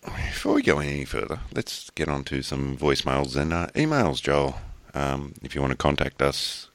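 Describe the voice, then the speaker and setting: A man's voice: rumbling low, very animated, moderate pace, dry recording. A man co-hosting a podcast in casual chat, joking and laughing often. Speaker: podcast co-host.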